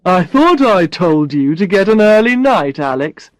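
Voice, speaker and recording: A woman's voice: fairly low pitch, very animated, a little slow, no echo, poor audio. A woman voicing a dry, teasing boss. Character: teasing confident man, her boss.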